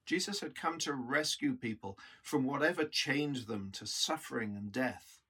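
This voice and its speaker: A man's voice: mid-range voice, moderate pace, bright, forceful tone, breathy edge. A man preaching a reflective sermon in an earnest, teaching manner.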